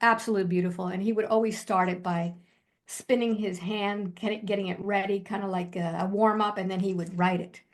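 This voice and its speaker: An older woman, a hypnotherapist, telling a personal story in an interview in an animated way, quoting herself and using many fillers. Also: medium pitch, fairly quick. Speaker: hypnotherapist guest.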